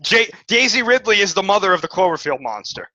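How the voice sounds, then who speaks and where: A man co-hosting a podcast in casual chat, animated and reasoning out loud with restarts. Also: sits high, fairly quick, a little hiss or hum. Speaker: podcast co-host. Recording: dull lo-fi audio.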